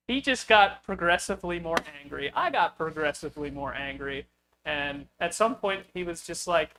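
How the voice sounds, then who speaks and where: A man's voice: fairly high pitch, a little fast, pushed and bright, a little hiss or hum, poor audio. A man hosting a car-building video, telling a story casually with lots of fillers and chuckles. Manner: rambling, with frequent fillers and chuckles.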